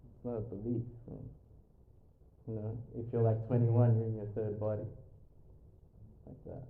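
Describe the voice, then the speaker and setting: A man's voice: fairly low pitch, little pitch movement, measured pace. Chatty man, tinny echoey recording. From Australia. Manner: jokey, chatty, many fillers. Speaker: spiritual speaker. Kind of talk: lecture with audience banter. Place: yoga studio. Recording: echoey room, tinny phone-like sound.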